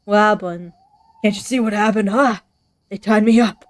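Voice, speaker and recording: A woman voicing a vengeful man crazed by ember, reading his lines loudly and agitatedly. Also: medium pitch, fairly even intonation, normal speed, no room sound, natural voice. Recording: faint background noise.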